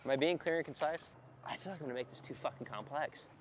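A man, a skateboarder, rambling and cursing in candid outtakes, his voice hoarse and worn out, tired and short of breath, outdoors at a skate spot. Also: a little high, fast talker, a little hiss or hum. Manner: rambling, heavy cursing, self-conscious. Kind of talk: candid outtakes while filming.

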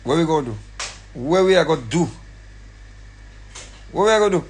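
A man's voice: fairly high pitch, animated, fairly quick, a little hiss or hum. A man with a Jamaican accent, angrily ranting on a live stream, repeating himself and preaching. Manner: angry, repetitive, preachy. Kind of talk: ranting commentary.

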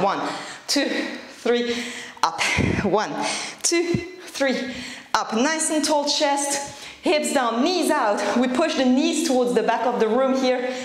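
Breathless high-voiced fitness instructor woman. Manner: encouraging, energetic cueing, out of breath at times. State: breathing hard. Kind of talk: guided workout instruction. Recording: echoey room.

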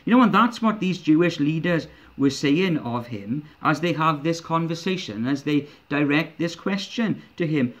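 A man's voice: a little high, animated, moderate pace, few pauses, fairly bright tone. A man preaching a sermon, earnest and emphatic, with rhetorical questions he repeats. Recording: dull lo-fi recording.

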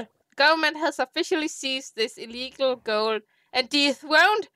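Woman, high voice, gameplay commentary, melodramatic, mock sobbing, chats to animals. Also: animated, normal speed, sharp tone, dry recording. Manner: talks to herself and to in-game animals. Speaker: streamer playing a survival game.

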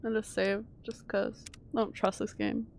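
A woman's voice: medium pitch, flat delivery, normal speed, a little hiss or hum. A woman streamer chatting casually while she plays a game, jumpy and chatty, swearing when startled. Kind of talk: casual live-stream gameplay chat.

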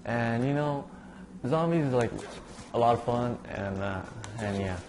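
A man's voice: medium pitch, lively intonation, unhurried, a little mellow, a little hiss or hum. A young man giving casual, rambling commentary over a zombie game. He mumbles under his breath, curses at the game and sounds sleepy. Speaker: gaming YouTuber.

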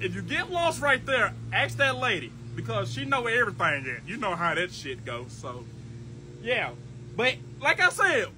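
A man playing a rambling guy who gives a stranger long, repetitive directions in a lowered voice. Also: pushed and bright, slight background noise, exaggerated voice.

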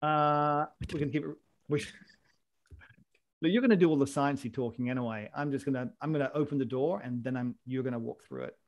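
A man's voice: mid-range voice, moderate pace. A man hosting a casual podcast chat, jokey and rambling, often restarting his sentences. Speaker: podcast host.

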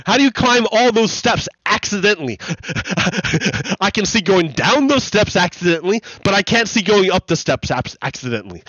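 A man's voice: high voice, very animated, slow pace, a bit bright, breathy edge, no room sound, highs cut off. A man hosting a let's play, laughing often and breaking into shrieking outbursts as he rants with incredulous swearing. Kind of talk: casual commentary over gameplay.

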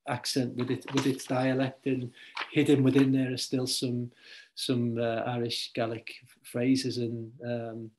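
A man's voice: medium pitch, darkish tone. A man hosting a talk between poets, speaking casually with many ums and restarts. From Liverpool, England. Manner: hesitant, full of ums and restarts. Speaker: host poet and editor. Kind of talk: casual conversation.

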